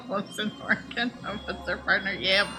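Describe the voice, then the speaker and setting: A woman's voice: mid-range voice, fairly even intonation, moderate pace, over music. A woman game streamer chatting casually and answering her viewers by name. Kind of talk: casual chat while streaming.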